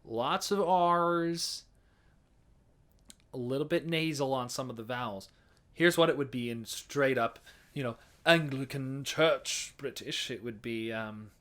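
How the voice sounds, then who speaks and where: A man's voice: medium pitch, animated, normal speed, fairly bright tone. Chatty American man explaining. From United States. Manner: chatty explaining, frequent restarts and hedging fillers. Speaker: folk song presenter. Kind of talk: casual educational talk.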